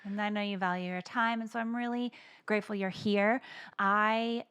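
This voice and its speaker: A woman's voice: mid-range voice, fairly even intonation, normal speed, fairly bright tone, clean tone. A woman co-hosting a podcast, recounting a story in a casual, heartfelt way and often dropping to a near whisper. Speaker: podcast co-host, poet.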